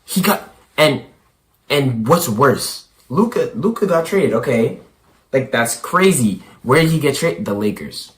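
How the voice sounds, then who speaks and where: A young man with a hoarse, worn-out voice, vlogging casually about basketball. He stammers and repeats himself, and his voice swings from quiet to loud. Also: mid-range voice, animated, measured pace. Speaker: basketball YouTuber. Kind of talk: excited casual vlog.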